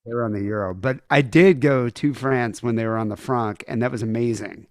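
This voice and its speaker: Man from the US, podcast host, rambling casual talk, mid-pitched voice, dry close sound. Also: fairly quick, no echo. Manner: rambling, offhand. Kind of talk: casual chat.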